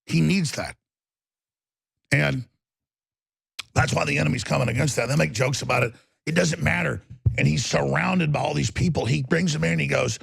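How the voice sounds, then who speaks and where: Intense, rambling male host with a gravelly, fairly high voice. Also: moderate pace, pauses often, fairly bright tone, no echo. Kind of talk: ranting talk show monologue.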